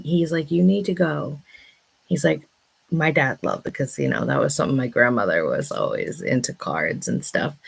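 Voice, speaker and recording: A deep-voiced woman in her thirties with vocal fry hosts a casual vlog, testing a new mic as she breathlessly recounts a personal story. She keeps exclaiming "oh my God."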